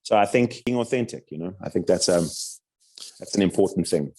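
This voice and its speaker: A South African man, a voice-over artist and coach, rambles through a casual interview chat with lots of restarts, fillers and "you know what I mean." His deep, slightly mellow voice has lively intonation and a fairly quick pace.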